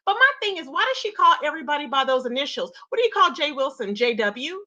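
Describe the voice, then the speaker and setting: A woman's voice: sits high, big pitch swings, fast talker, hardly any pauses, sharp tone. A woman commenting on a streamed argument, sassy and gossipy, talking straight to her viewers. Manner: sassy, gossipy, talks to chat as y'all. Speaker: commentator reacting to a live-stream clip. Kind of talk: casual commentary.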